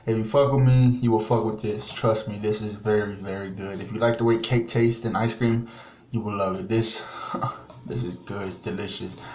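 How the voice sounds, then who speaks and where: A man's voice: on the low side, fairly even intonation, moderate pace, darkish tone. Brief: man vlogger, foul-mouthed and fed up, rambling review taped in a small bathroom with echo and background hiss. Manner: profane, exasperated rambling. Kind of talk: casual product review vlog. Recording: echoey bathroom with background noise.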